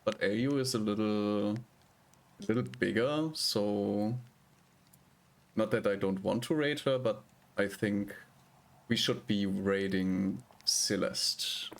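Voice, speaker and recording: A male streamer talks slowly and casually with his viewers, his lowish voice full of gravelly fry. He rambles and hesitates as he picks his words. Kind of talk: casual live-stream chat.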